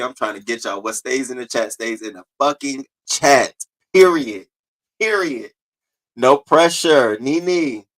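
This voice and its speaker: Male live-stream host, bright tone, loose profane chatter, playful singsong shout-outs to viewers. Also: medium pitch. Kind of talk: casual live-stream chat greeting viewers.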